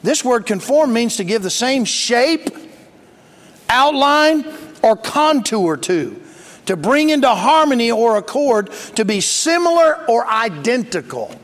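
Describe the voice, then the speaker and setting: A man's voice: very high-pitched, very animated, unhurried. A man preaching a sermon as pastor, plain-spoken and emphatic, calling for responses from the congregation. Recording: long reverb of a large hall.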